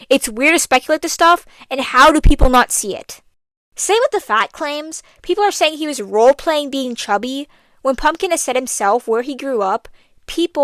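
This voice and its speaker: A woman's voice: fairly high pitch, a bit bright, no echo. A young woman doing a scripted commentary voice-over, blunt and exasperated, with sarcastic asides. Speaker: commentary youtuber.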